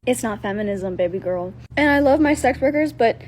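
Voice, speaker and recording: A woman's voice: fairly high pitch, expressive, fairly quick, slight background noise. A woman giving assertive, lecturing commentary in a social media video.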